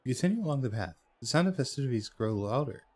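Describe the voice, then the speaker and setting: A man reading a fantasy game's story text aloud as he plays. He often stumbles and corrects himself. His voice sits at an ordinary middle pitch. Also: big pitch swings, quick pace, a little mellow. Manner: hesitant, with fillers and self-corrections. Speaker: let's play host. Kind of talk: reading game text aloud while playing.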